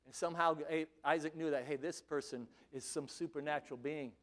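A man preaching a sermon, emphatic and full of rhetorical questions, at times building to near-shouts. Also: on the high side, steady tone, brisk.

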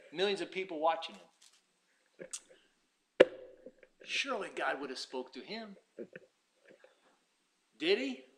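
A man preaching a sermon, dropping to quiet asides and rising to loud, impassioned passages, acting out pleading voices in dialogue. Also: a little hiss or hum. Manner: swings from low asides to loud shouted preaching.

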